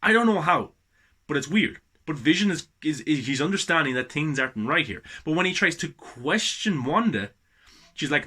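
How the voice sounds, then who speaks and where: A man's voice: on the high side, lively intonation, moderate pace, bright, forceful tone, husky. A man giving a casual video review, talking animatedly and asking lots of rhetorical questions. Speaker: YouTube movie reviewer.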